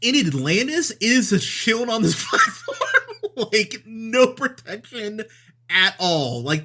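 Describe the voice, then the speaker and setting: A man's voice: medium pitch, pushed and bright. A man co-hosting a movie review podcast, talking casually and profanely, often laughing mid-sentence. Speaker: podcast host.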